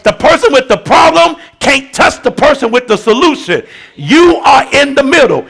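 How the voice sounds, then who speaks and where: Gravelly, fiery preacher man. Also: very high-pitched, sing-song, moderate pace. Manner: shouting, rhythmic preaching with colloquial asides. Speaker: bishop preaching. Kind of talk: sermon.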